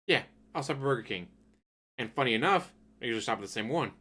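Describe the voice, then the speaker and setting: A man with a bright, clear tone and an ordinary pitch, swearing easily as he tells offhand anecdotes. He speaks close into a desk microphone as the host of his own reaction show. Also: fast talker. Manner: relaxed, profane storytelling. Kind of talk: casual anecdotal commentary. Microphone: desk USB microphone.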